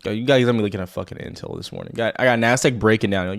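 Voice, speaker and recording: A man's voice: on the low side, racing, creaky. Blunt rambling male trading streamer. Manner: rambling, blunt and profane, addresses viewers directly. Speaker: stock trading livestream host. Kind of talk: casual live market commentary.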